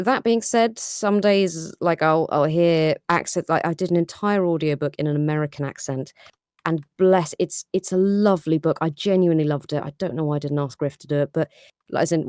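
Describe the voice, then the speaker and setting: A woman with a British accent, a voice actor, chatting casually. She talks fast and is critical of her own work, speaking from her home recording setup. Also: low-pitched, a little mellow, no room sound, clean studio sound. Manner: fast-talking, self-critical. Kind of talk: casual chat. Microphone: home recording setup with headphones.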